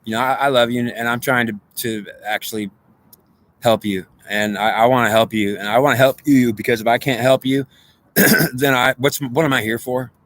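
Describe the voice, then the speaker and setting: Man, rambling spiritual monologue, repeats himself, asks if you understand, bright edgy tone. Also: medium pitch, steady tone, normal speed, poor audio. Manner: frequent restarts and stammered repeats.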